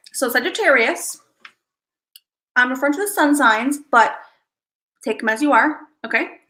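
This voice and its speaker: An adult mother hosts a casual livestream in a bright, forceful voice pitched a little high. She rambles, restarts her thoughts, and greets viewers by name along the way, all on a rough recording.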